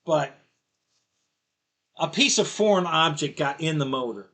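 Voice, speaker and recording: A middle-aged man chatting casually as host of a live stream, with a high, bright voice. He tells stories in a loose, rambling way, circling back and laughing at his own jokes. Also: animated, a little slow. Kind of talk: casual chat.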